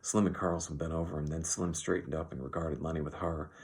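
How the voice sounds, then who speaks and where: A man reading an audiobook as narrator in an even, measured way. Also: extremely low pitch. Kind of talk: scripted narration.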